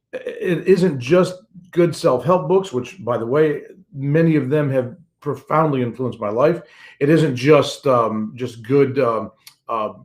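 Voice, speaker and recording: A man's voice: medium pitch, darkish tone. An older man, a pastor and grandfather, giving an earnest devotional message with a personal touch and repeating key phrases for emphasis.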